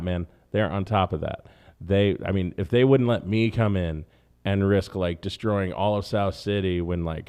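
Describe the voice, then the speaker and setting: A man with a fairly low voice and a lot of gravelly fry in it, hosting his own podcast. He talks in a loose, crude, rambling way, chasing tangents and catching himself mid-thought. It sounds like an unscripted comic monologue. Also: a little mellow. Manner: loose, profane and tangent-prone. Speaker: podcast host.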